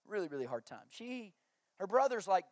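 High-voiced preacher telling family stories. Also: male voice, a little fast, dry recording, studio quality. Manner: storytelling, jokey, animated with acted-out quotes. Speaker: pastor. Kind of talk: sermon.

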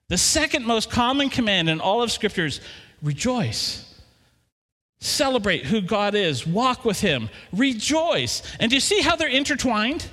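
A middle-aged man preaching a sermon in church, animated and asking the congregation questions. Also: high-pitched. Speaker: pastor. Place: church hall. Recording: long hall reverb.

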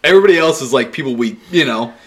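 A young man co-hosting a casual podcast, cutting in with quick jokes and comments. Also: mid-range voice, lively intonation. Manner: quick joking interjections. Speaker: podcast co-host. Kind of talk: casual chat.

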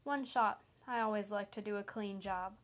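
A cold, mocking male killer, smug and taunting in every word, as a woman narrator reads him. He talks at a medium pitch, calm and menacing. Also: moderate pace, natural voice.

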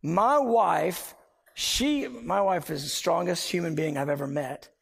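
A man preaching a sermon, emphatic and animated as he tells a personal story. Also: on the high side, a little slow, gravelly, husky. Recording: long hall reverb.

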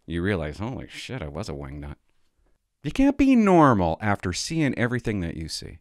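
A middle-aged man, telling jokey stories in a low voice that swings widely up and down. He rambles and pokes fun at himself like a vlogger chatting to his viewers. The sound is dry and close, with no room echo. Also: huge pitch swings, moderate pace, darkish tone. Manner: joking, self-mocking, rambling. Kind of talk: rambling comic storytelling to camera.

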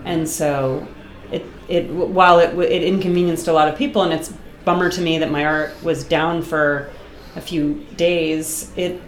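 A middle-aged woman from Boston chats as an interview guest, animated and quick to laugh. Her voice sits on the low side, and the room around her is echoey. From Boston, USA. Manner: animated, talkative, laughs often. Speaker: guest artist. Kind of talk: casual interview chat.

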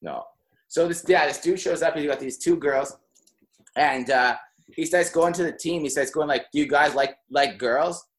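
Young guy rambling thru a story on a podcast, kinda high voice, says like a ton. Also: normal speed. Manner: rambling, heavy on "like", laughs mid-story. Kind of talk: casual storytelling chat.

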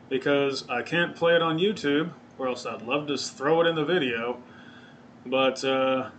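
A man's voice: mid-range voice, a bit bright, a little hiss or hum. A man hosting his own podcast, chatting casually in a rambling, profane way and often correcting himself. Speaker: podcast host. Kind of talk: casual solo podcast chat. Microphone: webcam or desk mic, seen on video.

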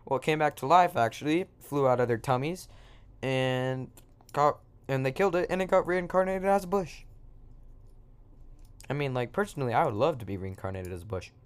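Guy making up a goofy story as he goes, jokey asides, clean smooth voice. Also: mid-range voice, lively intonation, moderate pace. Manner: offhand, joking, trails off into asides. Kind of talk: improvised rambling storytelling.

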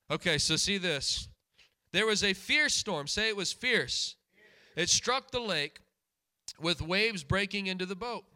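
A man preaching a sermon in a high, bright, forward voice. He drives his points home by repeating key lines and firing questions at the congregation.

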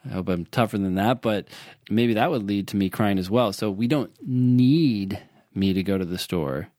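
Male tutor, low voice, patient and repetitive, dry recording. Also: moderate pace, darkish tone, no echo. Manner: explains patiently with examples, repeats points. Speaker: LSAT tutor. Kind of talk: casual teaching chat.

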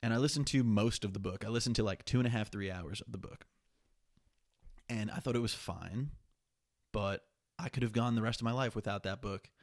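Gravelly young man rambling on a podcast. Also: lowish voice, fairly quick. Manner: rambling, profane, candid. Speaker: podcast host. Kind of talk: casual solo podcast monologue.

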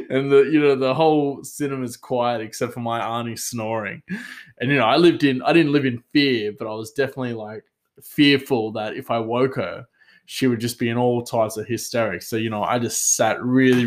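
A man's voice: medium pitch, fairly even intonation, normal speed. A man telling a casual, rambling story with many fillers, self-mocking and often laughing.

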